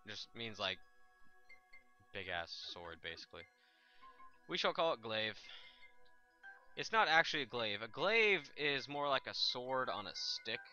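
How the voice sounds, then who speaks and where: An excitable man hosting a live let's play, with a very bright, sharp voice that swings up and down in pitch. He yells attack names in sudden bursts, then drops into quick muttered asides. Faint game music plays behind him. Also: highs cut off. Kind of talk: live gameplay commentary.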